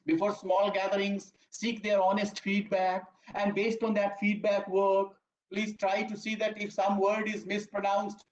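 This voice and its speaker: A lecturer gives an online training talk. The delivery is emphatic, repeats key phrases and keeps addressing the listeners as "my dear friends.". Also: medium pitch. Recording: echoey room, dull lo-fi audio.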